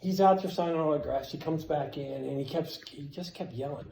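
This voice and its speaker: A man's voice: fairly high pitch, brisk, vocal fry, roomy sound, a little hiss or hum, rough recording. A man telling a story casually and with energy, cursing freely and acting out the lines of the people in it. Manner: animated, profane, acts out quotes loudly. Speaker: storyteller at a skate event.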